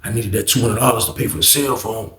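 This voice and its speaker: A man voicing a sullen grown male inmate who mutters his troubles low. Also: steady tone, fast, gravelly, reverberant, close to an everyday voice.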